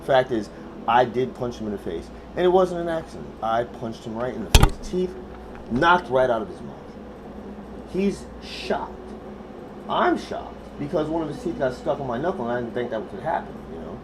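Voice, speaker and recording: A man spins a rambling, swear-heavy story as host of his own show, his voice leaping up and down in an animated way. He drops to near-mumbles, then bursts into shouts. Clear background noise hums through the room. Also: medium pitch, normal speed. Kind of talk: casual storytelling monologue. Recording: noisy room ambience.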